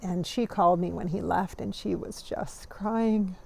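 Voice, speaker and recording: A woman in her forties reflects aloud in a casual vlog, wandering from thought to thought and laughing often. Her voice has a gravelly fry and a mellow, darker color. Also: on the low side, steady tone, measured pace. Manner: rambling, warm-hearted, laughs often. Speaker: vlogger.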